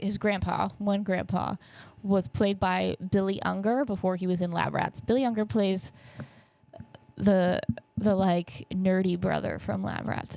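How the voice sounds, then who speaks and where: Young woman podcast host, chatty rambler, vocal fry, dry close mic. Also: medium pitch, darkish tone, no room sound. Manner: rambling, self-correcting, jokey storytelling. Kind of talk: casual chat.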